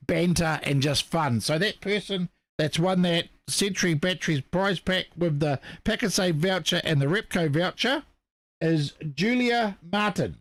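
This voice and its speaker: A man's voice: on the high side, no room sound. A man from New co-hosting a casual live show, chatty and apologetic, reading out viewer comments while losing his voice. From New Zealand. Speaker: co-host. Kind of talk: casual live-stream chat.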